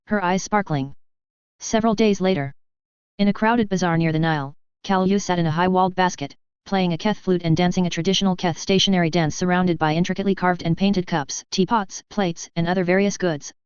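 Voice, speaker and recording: A woman's voice: lowish voice, fairly even intonation, brisk, clear, resonant tone, no room sound, muffled recording. A woman narrating a science fiction story aloud, voicing the characters with little change. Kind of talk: reading a sci-fi story aloud.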